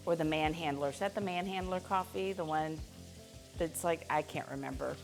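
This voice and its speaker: A woman's voice: low voice, moderate pace, vocal fry, soft background music. A middle-aged woman from Missouri, hosting a live cooking stream in her home kitchen and chatting in a rambling way, with lots of fillers. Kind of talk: casual cooking chat.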